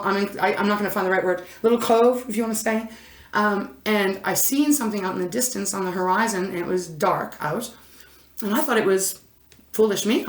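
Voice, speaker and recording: A fairly low-voiced woman talks her way through a card reading in an echoey indoor room, picked up by a camera mic. She rambles and interrupts herself, dropping in little exclamations as she goes. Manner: chatty, rambling, self-interrupting, frequent "oh my gosh". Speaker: intuitive tarot reader.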